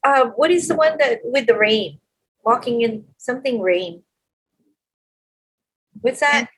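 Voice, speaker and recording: A woman's voice: a little high, expressive, unhurried, breathy edge. A middle-aged woman with a Filipino accent, the hosts' mother, answering questions in a casual podcast chat, hesitant and searching for words.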